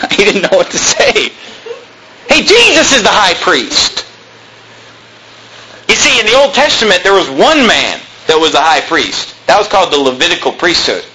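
A male pastor preaches with a lively, swooping delivery, his voice pitched a little high and ringing bright. He tells stories animatedly, acts out both sides of conversations and slips in sarcastic jabs. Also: a little hiss or hum, rough recording. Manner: animated storytelling, quoting dialogue, sarcastic asides. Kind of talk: preaching sermon with anecdotes.

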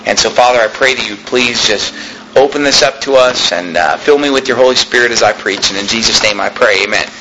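A man preaching a sermon as the pastor, raising his voice and shouting as he preaches. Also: mid-range voice, brisk, echoey room, background noise.

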